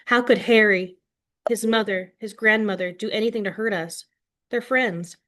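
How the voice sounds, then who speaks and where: A woman teacher reading a novel aloud to her class in an expressive way, then setting questions for the class. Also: mid-range voice, normal speed. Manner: expressive read-aloud, voicing quoted lines with more force.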